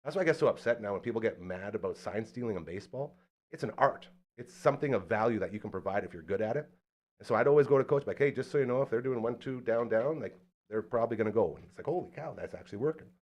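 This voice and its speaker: Animated storytelling man. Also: lowish voice, fast talker. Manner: animated storyteller, acts out quotes. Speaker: podcast host. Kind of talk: casual chat.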